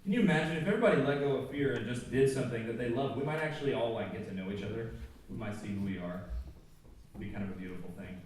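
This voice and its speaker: In a mellow, dark voice, a man gives an informal chapel talk to a school audience, joking conversationally and rapid-fire with plenty of asides. His words boom through a large, echoey auditorium, picked up from afar over faint background noise.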